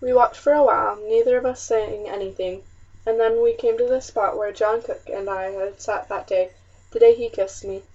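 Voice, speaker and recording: A woman narrating a historical novel in the first person with a measured, expressive reading, on a muffled, slightly distant recording. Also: a little high. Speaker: audiobook narrator.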